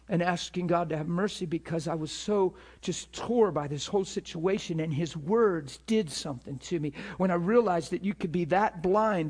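A man preaching to a ministry school, telling a story with emphatic, animated delivery and acted-out dialogue. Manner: animated, emphatic, acts out dialogue with rising pitch. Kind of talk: sermon storytelling.

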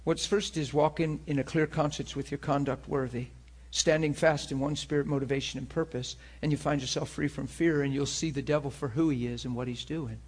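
A man preaching a sermon to a class. His voice is husky and sits a little high for a man. He talks in an animated, conversational way, the way a teacher speaks straight to his students. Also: a little fast, few pauses.

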